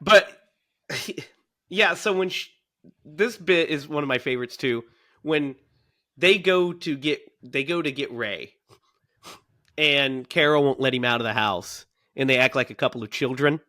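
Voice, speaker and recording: A man in his thirties co-hosting a casual movie podcast, animated and laughing often as he recounts scenes. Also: mid-range voice, unhurried. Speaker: podcast co-host.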